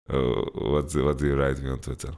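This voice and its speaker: A man's voice: extremely low pitch, a little mellow, clean tone. A man hosting a casual Q&A podcast, answering viewer questions bluntly and laughing them off. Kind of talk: casual chat, Q&A.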